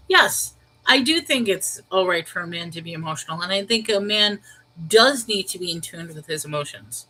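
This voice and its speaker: A woman's voice: fairly low pitch, lively intonation, normal speed, a little hiss or hum, poor audio. Woman, New York accent, livestream host; casual and conversational, reacting to viewer comments as she goes. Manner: talks things through out loud, reacting to viewer comments. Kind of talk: casual live-chat reply.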